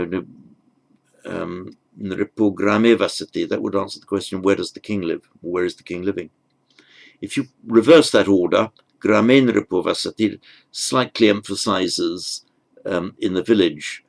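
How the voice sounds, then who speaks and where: A man with a deep, gravelly voice teaches a language lesson at an unhurried pace. He spells out each term patiently and often pauses with ums and small restarts as he explains. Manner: patient, explains slowly, spells out terms carefully. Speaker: Sanskrit teacher.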